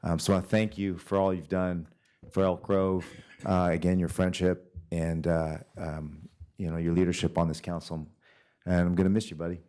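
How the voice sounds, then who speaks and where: A man with a very deep voice gives farewell remarks at a city council meeting. He speaks into a dais microphone in a halting, friendly way and adds a light joke here and there. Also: level tone, warm tone, smooth.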